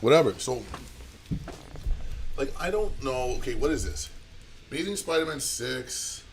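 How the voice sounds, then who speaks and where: A man's voice: mid-range voice, animated, vocal fry, a little hiss or hum. A man who owns a comic shop, running a live auction and telling rambling shop stories in casual chat. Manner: rambling storyteller, quick asides.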